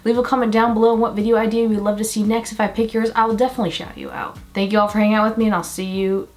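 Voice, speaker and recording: A young woman vlogging a makeup tutorial in a casual, chatty and self-mocking way, full of quick asides. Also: medium pitch, steady tone.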